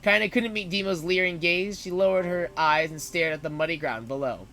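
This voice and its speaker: A man's voice: sits high, moderate pace, pushed and bright. A man streaming, reading a story aloud dramatically and breaking in with joking asides.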